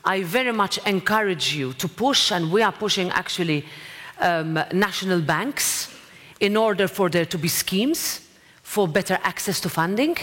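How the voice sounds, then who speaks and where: A woman speaks directly and encouragingly to an audience. Her voice sits at a middle pitch. It carries a long reverb from a large hall. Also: lively intonation, moderate pace, fairly bright tone. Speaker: president of a parliament, guest speaker. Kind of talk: speech and audience Q&A. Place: lecture hall.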